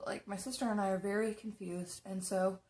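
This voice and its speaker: A woman's voice: medium pitch, steady tone, a little fast, darkish tone. A young woman chatting casually as she tells a story while doing her makeup, rambling with lots of fillers and restarts. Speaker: makeup vlogger.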